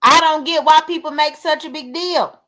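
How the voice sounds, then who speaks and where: A woman's voice: high voice, moderate pace, a bit bright. A woman, talking candidly and emotionally to her livestream viewers in a rambling way. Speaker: livestream host. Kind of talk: casual livestream talk.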